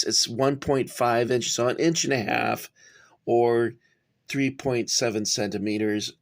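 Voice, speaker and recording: Casual male hobby reviewer, gravelly voice, middle pitch, rambling and chatty. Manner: rambling, talks to viewers as guys, frequent fillers. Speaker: toy reviewer. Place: cramped home workspace.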